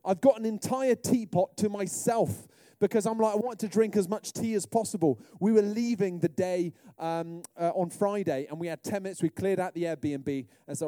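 A middle-aged British man preaching a sermon, telling humorous stories in a lively way. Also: sits high, moderate pace, hardly any pauses, no echo, studio quality. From Britain. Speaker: pastor.

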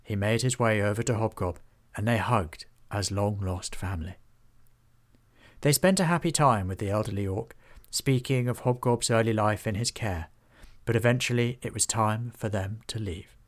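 A man narrating a children's fantasy storybook in a steady, even manner. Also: fairly low pitch, moderate pace.

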